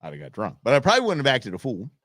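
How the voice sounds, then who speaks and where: Male host, casual live chat, animated swings, dry mic. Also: medium pitch, racing, no room sound. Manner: animated storytelling, folksy with y'all. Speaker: father. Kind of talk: live show reaction and chat.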